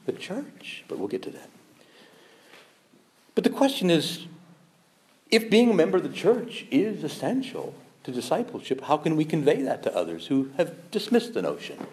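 A man giving a Catholic parish talk, animated and humorous, firing rhetorical questions at the audience and acting out the objections people raise. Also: fairly high pitch, moderate pace. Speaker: Catholic speaker.

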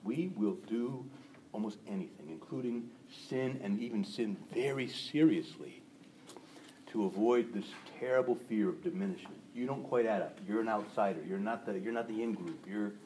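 A male preacher delivering a sermon in an animated way, acting out quick voices of people he describes. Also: fairly low pitch, slight background noise. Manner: animated, acts out gossiping voices.

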